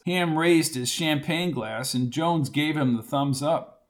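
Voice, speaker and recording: A man, the author, narrating his own audiobook in a plain, steady storytelling manner. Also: medium pitch, normal speed.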